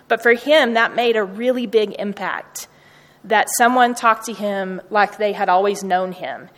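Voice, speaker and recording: A woman's voice: medium pitch, unhurried. Woman telling stories in a reverberant hall. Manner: earnest, personal storytelling. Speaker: university staff speaker. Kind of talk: storytelling talk to students.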